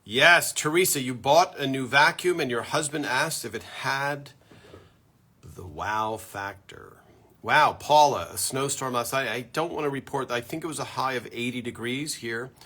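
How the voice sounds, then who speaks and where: A talkative man runs a live fan-show stream from his home, calling out viewers by name in a loud voice. He speaks a little slowly, with a bright, forceful, slightly rough middle-pitched tone captured on an ordinary built-in computer mic.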